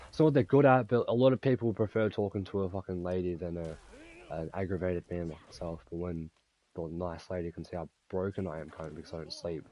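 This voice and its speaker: This is a young Australian man in a loose, profane gaming rant. His voice sits low and dark in tone. He talks at a rapid clip and rambles from one grievance to the next. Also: fairly even intonation, lo-fi sound. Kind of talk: casual rant while gaming.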